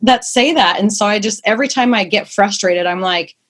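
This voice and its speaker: A woman's voice: medium pitch, fairly quick, a bit bright. A young woman, a mother of two, talking casually and at length as a podcast guest, rambling and emphatic. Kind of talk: casual interview chat.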